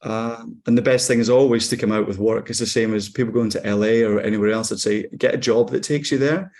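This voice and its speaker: A man's voice: on the low side, fast. Wry Scottish man in his forties. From Scotland. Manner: relaxed, wry, laughs easily, many ums and restarts. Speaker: actor guest. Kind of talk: casual interview chat.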